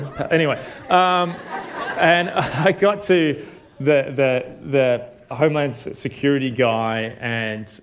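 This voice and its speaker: A man with an Australian accent, giving a conversational sermon as a guest preacher from a church stage, telling a story with many fillers and self-deprecating asides. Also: mid-range voice. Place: church auditorium.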